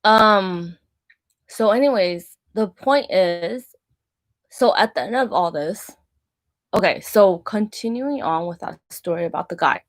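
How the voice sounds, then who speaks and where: A woman's voice: mid-range voice, animated, unhurried. A woman in her thirties, a Christian minister, telling a personal story in a casual, rambling way, full of "like" and restarts. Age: 30s. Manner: rambling, filler-heavy with frequent "like" and restarts.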